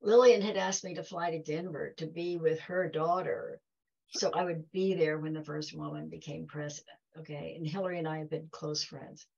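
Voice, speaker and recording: A woman's voice: sits low, fairly even intonation, moderate pace, gravelly, a little mellow, husky, lo-fi sound. A woman giving a heartfelt talk to an audience, telling stories and acting out quoted dialogue. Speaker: guest speaker.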